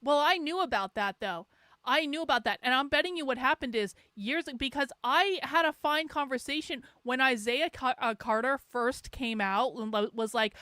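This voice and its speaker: A woman's voice: high voice, normal speed, bright, forceful tone, no echo, studio quality. A middle-aged woman hosting her livestream, ranting sarcastically and with lots of swearing in a rambling casual chat. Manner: sarcastic, profane, rambling with laughs. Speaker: livestream host.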